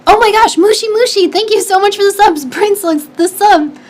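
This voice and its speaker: A woman's voice: very high-pitched, moderate pace. A young woman streamer and engineering student, chatting casually and giggling as she answers viewer questions, with lots of fillers and restarts.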